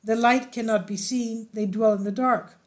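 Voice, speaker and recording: A woman reading an ancient epic aloud in slow, measured recitation, with solemn repeated lists. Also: on the high side, steady tone. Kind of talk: scripted narration.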